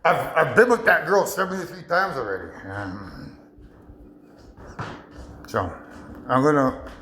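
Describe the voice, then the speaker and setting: A man rambles through a monologue, stopping and restarting his sentences and breaking into laughs. His voice is high, bright and very lively. The recording has a roomy echo. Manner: halting, full of restarts, laughing often. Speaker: vlogger.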